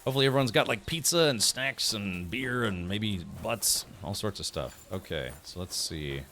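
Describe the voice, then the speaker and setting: A man's voice: fairly low pitch, lively intonation, moderate pace, sharp tone. A man streaming a game, chatting casually, thinking aloud and answering his chat. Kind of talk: casual gameplay commentary.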